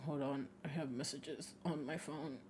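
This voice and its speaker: A woman's voice: sits low, fairly even intonation, unhurried, a little mellow, a little hiss or hum. A young woman streaming a game, chatting casually, giggling and swearing now and then. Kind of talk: casual gameplay commentary. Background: game music.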